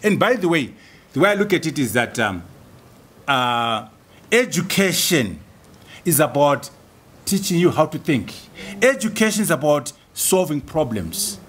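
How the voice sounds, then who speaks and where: A man's voice: fairly high pitch, a bit bright. A man from Zimbabwe giving a rousing university lecture, full of rhetorical questions and repeated slogans. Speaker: guest speaker.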